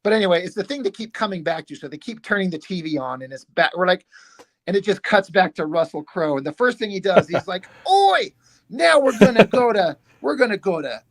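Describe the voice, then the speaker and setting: A man chatting on a livestream, telling stories in a rambling, animated way full of fillers. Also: high-pitched, quick pace. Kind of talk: casual livestream chat.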